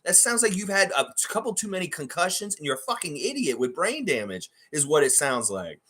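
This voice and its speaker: Male livestream host, swings his pitch widely, husky voice, profane, heated and mocking. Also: very animated, a little fast, bright, forceful tone. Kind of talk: ranting fan reaction livestream.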